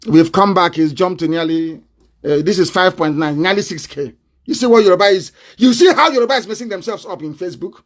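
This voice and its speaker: A man from southeastern Nigeria, with a Nigerian accent and a high-sitting voice, speaks briskly in a fiery, confrontational live online broadcast, breaking into mocking laughter.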